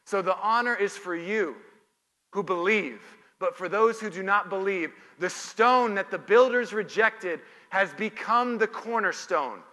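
A man's voice: sits high, sharp tone, long reverb tail. A man preaching a sermon as pastor, reading scripture and firing off rhetorical questions that he answers himself.

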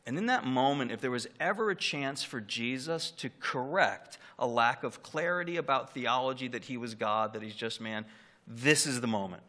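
Bright-voiced man preaching a sermon. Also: mid-range voice, normal speed. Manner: earnest, emphatic preaching with rising and falling emphasis. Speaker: pastor.

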